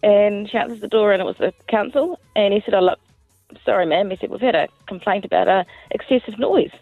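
A woman's voice: mid-range voice, brisk, no echo. A New Zealand woman calls into a radio show and tells her story cheerfully. Her voice comes through a tinny, dry phone line. Faint music sits underneath. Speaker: caller.

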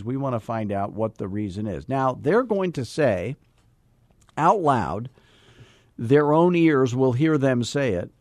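A male sales coach on a podcast, teaching with a voice that leaps up and down in pitch as he acts out both sides of a sales call. He repeats key lines for emphasis, in a dry, close sound with no room around it. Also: no room sound. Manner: animated, acts out sales dialogues; repetitive, emphatic drilling. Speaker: real estate sales coach.

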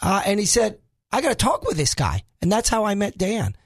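High-voiced joking man hosting talk radio. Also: huge pitch swings, a little fast. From New York. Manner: joking, self-mocking, rambling asides. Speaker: fill-in radio host. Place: radio studio.

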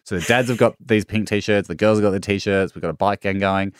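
Animated Australian man telling stories. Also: fairly low pitch, a little fast, clean tone, no echo, studio quality. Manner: animated, self-deprecating, acts out quotes. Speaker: podcast guest. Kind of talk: casual storytelling.

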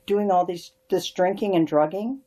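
A woman hosting a podcast interview, asking brief, calm prompting questions. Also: lowish voice, moderate pace. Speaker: podcast host.

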